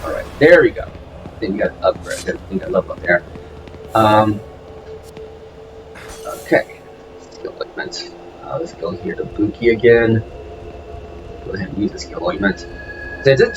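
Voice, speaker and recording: Against game music and a noisy background, a low-voiced man casually comments on his let's play, full of fillers and restarts.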